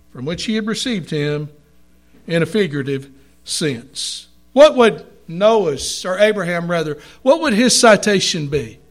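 A man preaching a sermon to a congregation, reading scripture aloud and stressing words with slow emphasis. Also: high-pitched, fairly bright tone.

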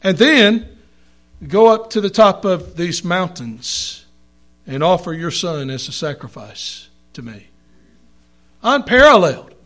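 A man delivers a sermon in an unhurried, deliberate cadence. His voice sits high for a man. He reads scripture aloud and lands hard on the words he wants to stress. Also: big pitch swings, fairly bright tone. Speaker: preacher.

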